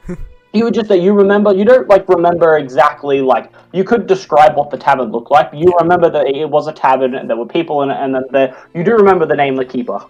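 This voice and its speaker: A man running a tabletop role-playing game as game master, narrating in a halting way that repeats its words. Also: a little high, darkish tone, lo-fi sound, soft background music.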